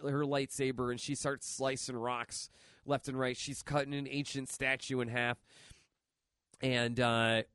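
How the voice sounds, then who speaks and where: A man's voice: medium pitch, a bit bright, dry recording, studio quality. A man hosting a podcast, casually recapping a comic story, rambling with lots of fillers and swearing. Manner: rambling, profane, filler-heavy. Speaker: podcast host.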